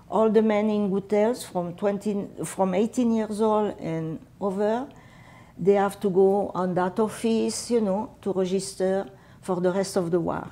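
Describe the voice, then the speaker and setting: A woman in her eighties with a French and Catalan accent, a native Catalan speaker, recalling her wartime childhood for an interviewer in unhurried, halting English. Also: mid-range voice, mellow. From France. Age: 80s. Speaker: veteran oral history interviewee. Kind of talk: personal war memories told to an interviewer.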